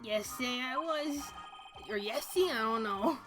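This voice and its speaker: A woman's voice: fairly high pitch, expressive, measured pace, voice pushed up. A woman voicing a chatty, nosy old woman security guard who drawls and calls everyone dearie. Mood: gossipy. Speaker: streamer reading game dialogue. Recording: game music behind.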